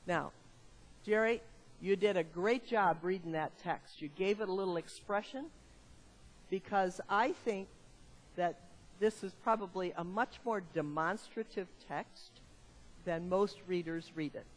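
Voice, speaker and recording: A woman's voice: fairly low pitch, unhurried. A woman preaching a conversational sermon, asking the congregation questions. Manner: lively, conversational, asks the audience questions.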